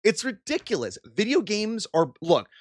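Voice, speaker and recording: A man's voice: high voice, sing-song, moderate pace, no room sound, studio quality. A young man streaming, ranting and swearing in exasperated commentary.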